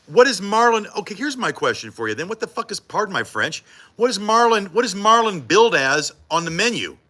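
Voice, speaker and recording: A man's voice: sits high, very animated, fairly quick, pushed and bright. A man co-anchoring a morning TV news show, joking and teasing his co-host in casual banter behind the scenes. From United States.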